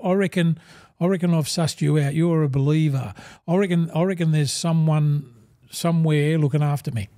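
An Australian man in his sixties spins yarns in a relaxed interview, his tone dark and mellow yet pitched a little high. He leans into quoted dialogue, calling everyone "mate". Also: a little fast. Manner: animated yarn-spinner, acts out quoted dialogue, says "mate" constantly. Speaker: guest, former rugby league player and broadcaster. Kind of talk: casual interview storytelling.

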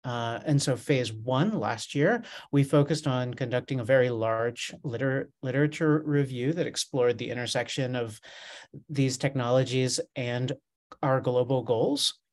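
Man, academic presenter, mid-pitch, earnest explainer. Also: a little slow, darkish tone. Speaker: assistant teaching professor. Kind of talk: webinar presentation.

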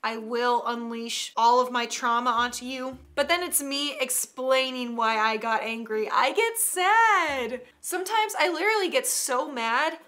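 A young woman with a high, bright voice chats through a meme reaction vlog. She is giggly and playfully sassy, talking straight to her viewers. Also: normal speed, few pauses. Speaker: YouTube host.

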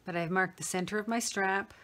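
A woman's voice: mid-range voice, a little fast. Woman talking through a sewing tutorial. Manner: relaxed, talks while working with hands. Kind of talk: step-by-step craft tutorial.

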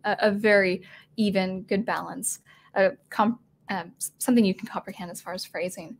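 Woman teaching melody, voice getting dry. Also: mid-range voice. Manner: thinking aloud with many fillers and restarts, singing short examples. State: throat getting dry, voice going. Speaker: music composition teacher. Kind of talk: casual video lesson on melody. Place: at home with a digital keyboard.

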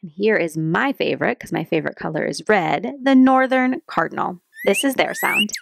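A woman teaching a children's lesson about birds, speaking cheerfully and clearly to young kids. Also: medium pitch, moderate pace. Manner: soft, calming guided breathing. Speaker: kids activity instructor.

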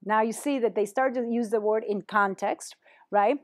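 A woman's voice: on the high side, normal speed. A woman presenting a teacher-training workshop, talking animatedly and dropping in Spanish phrases.

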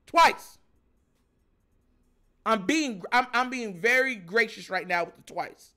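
A man hosting a sports show, ranting in animated, filler-heavy commentary about his team. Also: high-pitched, takes it slowly. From Jamaican family.

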